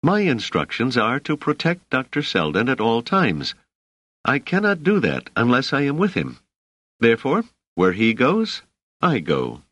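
A man reading an audiobook, voicing a protective woman companion who speaks insistently with clear irritation. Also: medium pitch, huge pitch swings, takes it slowly, hardly any pauses, no echo, voice pushed up, heavily acted. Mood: irritated.

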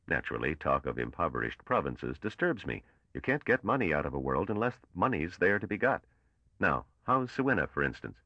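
A man voicing a brash, suspicious young male space trader with a sharp, probing manner. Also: low-pitched, big pitch swings, brisk, no room sound, lo-fi sound, exaggerated voice. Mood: pushy.

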